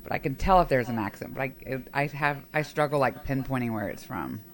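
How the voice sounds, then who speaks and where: A woman's voice: a bass voice, fairly quick. A woman co-hosting a podcast, chatting in a rambling way with lots of fillers. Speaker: podcast co-host. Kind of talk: casual chat.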